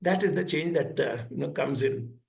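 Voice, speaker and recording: A man's voice: a little high, moderate pace, gravelly. A man giving a public talk at a school, telling stories and acting out the voices of parents and children. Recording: echoey hall.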